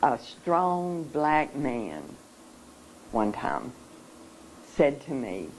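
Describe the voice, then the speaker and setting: An adult giving an emotional talk at a seminar, speaking earnestly in a halting way, with many pauses and repeated words. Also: mid-range voice, sing-song, a little hiss or hum, low-quality recording.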